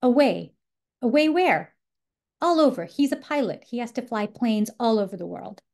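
A calm mother gently answering her small child's questions, read aloud by a woman in a workshop. The voice is pitched a little higher and stays soft and mellow. The delivery is plain storybook reading. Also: moderate pace. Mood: gentle.

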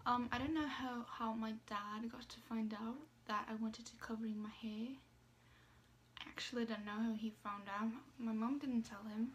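Hesitant young woman, flat higher voice. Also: normal speed, slight background noise. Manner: hesitant, many fillers and restarts, soft asides. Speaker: vlogger. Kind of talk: casual personal storytelling.

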